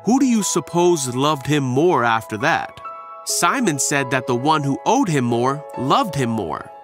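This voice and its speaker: A man narrating a scripted Bible story for children in a gentle storybook way. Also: medium pitch, big pitch swings, a little slow. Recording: narration over background music.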